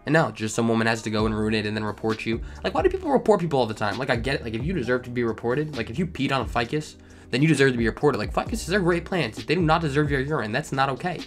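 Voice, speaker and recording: A man reads online stories and riffs on them with animated, ranting humor. He talks at a quick clip, and soft background music runs beneath his voice. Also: medium pitch. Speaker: storytime channel host. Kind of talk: reading online stories with comedic commentary.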